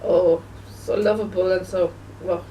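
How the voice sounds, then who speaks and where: A woman video blogger speaking in a casual, halting way, full of fillers and restarts, and sounding emotional and grieving. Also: on the low side, fairly even intonation, mellow, far from the mic, slight background noise, poor audio. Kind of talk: casual spoken remembrance.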